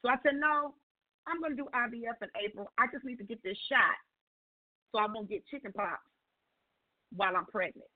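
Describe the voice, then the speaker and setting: A middle-aged woman on a call-in show, telling her story in a lively way and acting out each voice in the dialogue. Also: brisk, long pauses. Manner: expressive, acts out dialogue with big pitch jumps. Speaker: call-in guest sharing a testimony. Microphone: telephone. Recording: tinny phone line.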